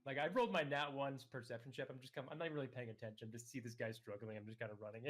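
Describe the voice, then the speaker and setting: A man playing a tabletop game, chatting in a quick, joking way. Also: medium pitch. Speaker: player.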